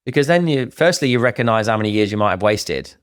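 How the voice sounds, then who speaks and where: Lively man with a low, dry voice. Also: fast talker, no room sound. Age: middle-aged. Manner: animated, acts out other people's remarks. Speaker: podcast co-host. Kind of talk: casual podcast conversation.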